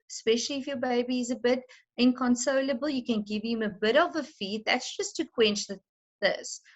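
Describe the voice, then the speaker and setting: A middle-aged woman from South Africa, a maternity nurse gently and reassuringly teaching parents how to care for a newborn. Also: a little high, muffled recording. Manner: gentle, reassuring, addresses listener as mommy. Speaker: antenatal class nurse. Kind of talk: instructional talk to parents.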